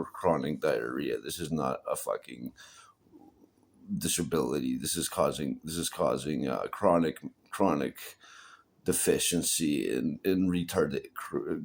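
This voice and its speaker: A man vlogging a rambling personal monologue, halting, repeating himself and swearing often. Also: sits low, creaky, darkish tone.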